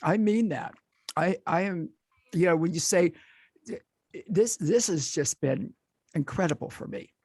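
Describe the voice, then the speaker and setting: Male podcast host, husky and dry-sounding, gushing and tripping over his words. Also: sits high, animated, unhurried, pauses often, a little mellow, no room sound. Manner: effusive, stammering with emotion. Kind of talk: casual interview wrap-up.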